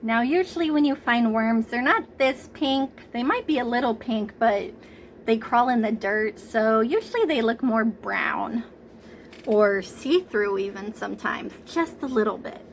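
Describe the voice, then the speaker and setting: A preschool teacher leads a lesson from home through her computer camera mic, coaxing young children along gently and without hurry. Her voice sits a little high with gravelly fry at the edges. The recording is rough, with a faint hiss underneath.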